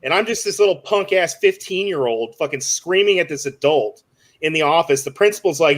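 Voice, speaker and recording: Young man, high voice, animated swearing storyteller, casual panel chat. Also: brisk.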